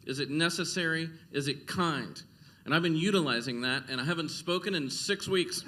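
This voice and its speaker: Male stand-up, deadpan one-liners, slightly high voice. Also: moderate pace. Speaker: stand-up comedian. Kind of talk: stand-up comedy set. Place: stage at a comedy club.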